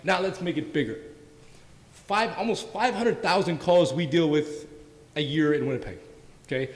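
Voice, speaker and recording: A man's voice: a little high, normal speed. A man from Canada, a police officer on a community panel, telling stories in an earnest, anecdotal way and often ending lines with "right?". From Windsor, Canada. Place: event hall. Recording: long hall reverb.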